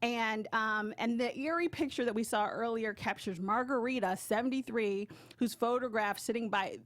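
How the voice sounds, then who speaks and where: A woman co-hosting a casual TV recap show, chatty and hesitant with frequent pauses. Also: on the high side, no echo, studio quality. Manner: chatty, hesitant with many ums. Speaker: co-host.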